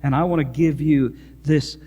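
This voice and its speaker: A man's voice: fairly high pitch, fairly even intonation, moderate pace, warm tone, long reverb tail, natural voice. A man voicing a worried young male businessman in a sermon story, speaking in an anxious, pleading way. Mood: eager.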